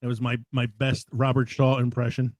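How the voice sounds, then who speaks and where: A man hosting a casual podcast, telling a dramatic deadpan story before loose, chatty banter. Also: mid-range voice, moderate pace, no room sound, rough recording. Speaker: podcast host. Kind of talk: casual podcast chat with a comic spoken intro.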